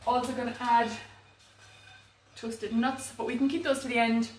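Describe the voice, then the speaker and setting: A woman presents a live cook-along demonstration in her home kitchen, chatty and self-mocking, with faint music behind her. Her pitch is fairly high, her tone level, her speed normal. A camera mic some distance away picks her up in the echoey kitchen.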